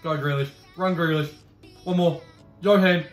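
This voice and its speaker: A young man commenting on his own football video game matches, cheeky and swearing, his voice leaping high when he scores. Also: steady tone, normal speed. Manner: cheeky, swears, bursts into high shouting over goals. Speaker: gaming YouTuber. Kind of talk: excitable gameplay commentary. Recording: roomy echo with faint music.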